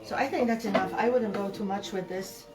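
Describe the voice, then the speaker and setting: A chatty middle-aged woman with a medium-pitched voice talks fairly quickly, picked up by a distant mic with music in the background. She's a furniture painter hosting a live stream, chatting casually with viewers as she demonstrates her work.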